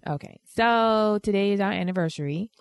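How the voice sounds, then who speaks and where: A woman's voice: medium pitch, fairly quick, smooth, no echo, clean studio sound. A woman co-hosting a podcast in casual chat, playful and teasing, laughing often. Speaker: podcast co-host.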